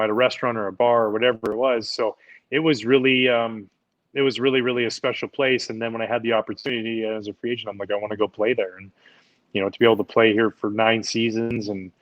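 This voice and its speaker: A man in his forties, a podcast guest, telling relaxed, rambling stories with lots of fillers. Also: medium pitch, muffled recording. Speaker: podcast guest, former pitcher. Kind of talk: casual storytelling chat.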